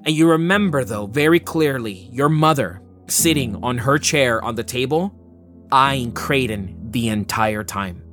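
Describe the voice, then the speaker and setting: A man's voice: mid-range voice, unhurried, a bit bright, soft background music. A man narrating a tabletop game as game master, descriptive and loose with casual fillers.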